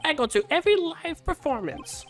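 A woman's voice: high-pitched, big pitch swings, normal speed, faint music behind, pitched above the performer's own voice. A woman voicing an eager grade-school boy who brags about his hero. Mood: proud. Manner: bragging, eager, loud. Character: boastful grade-school boy, superhero fan.

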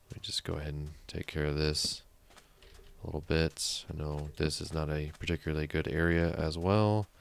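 Deep gravelly man narrating gameplay. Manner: chatty, thinks aloud, mutters counts under his breath. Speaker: let's play host. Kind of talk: casual gameplay commentary.

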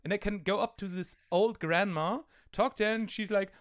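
A man's voice: high voice, normal speed, clean tone. German-accented man, rambling game commentary. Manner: rambling, amused, full of fillers. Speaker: host.

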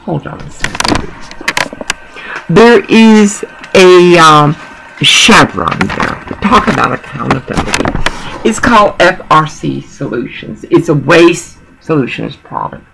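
A woman's voice: sits low, big pitch swings, slow, creaky, noisy background. A woman talking in a rambling personal monologue, emotional and digressive, often repeating herself.

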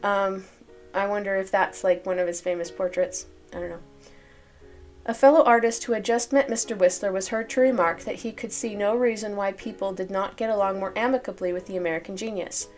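A woman's voice: mid-range voice, steady tone, brisk, faint music behind. A woman reading old newspaper articles aloud and breaking off for chatty, think-aloud asides.

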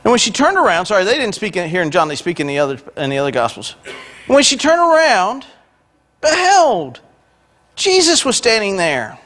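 A man's voice: sits high, wildly swooping pitch, moderate pace, fairly bright tone. A man who is a pastor, preaching a sermon in a church. He retells scripture in everyday words and mixes in joking asides. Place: church sanctuary.

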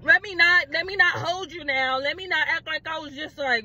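Brief: young woman, high and bright voice, dramatic, animated storytime delivery. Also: moderate pace, hardly any pauses, highs cut off. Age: young adult. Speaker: vlogger. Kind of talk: casual storytime.

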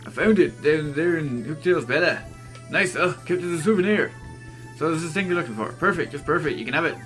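A man's voice: a little high, animated, fast, a bit bright, faint music behind, voice pushed up. A man voicing a cheerful elderly male turtle father in a put-on Scottish accent, talking in a hearty, chatty way.

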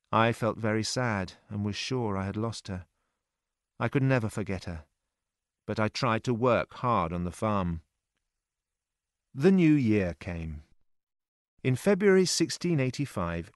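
A man reading a first-person novel aloud as an audiobook for English learners, in a steady storytelling voice. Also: on the low side, no echo, studio quality. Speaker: narrator.

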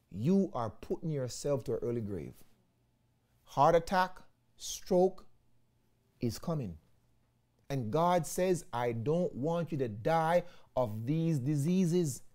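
A man with a Jamaican accent, an evangelist preaching a sermon in an animated way, often calling his listeners "friends". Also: sits high.

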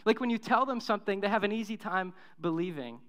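A man's voice: high voice, animated, fast, fairly bright tone, clean tone. A young man preaching a sermon as pastor, casual and upbeat with the congregation.

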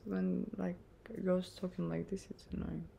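A woman's voice: fairly low pitch, flat delivery, normal speed, vocal fry, warm tone, a little hiss or hum. A woman chatting casually while reacting to music videos, giving her opinions with lots of "like" and hesitant restarts. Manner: opinionated, hesitant with many fillers.

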